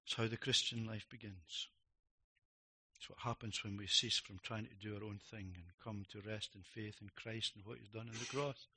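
Brief: middle-aged male preacher, bright tone, emphatic sermon delivery with swings from loud to hushed. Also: fairly low pitch, fairly even intonation, moderate pace, a little hiss or hum. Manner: emphatic, rising to loud declarations, dropping to quiet reflective lines.

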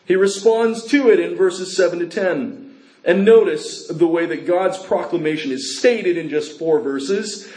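A male preacher reads scripture and preaches in an expressive, dramatic style. His voice sits slightly high, and his pace and pitch swing widely. The sound carries an echoey room ring. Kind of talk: sermon with scripture reading.

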